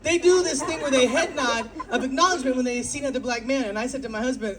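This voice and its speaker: A woman performing an animated stand-up set on a club stage, acting out little quoted voices. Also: sits high, fast, few pauses. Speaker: stand-up comedian. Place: comedy club stage with laughing crowd. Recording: loud crowd laughter.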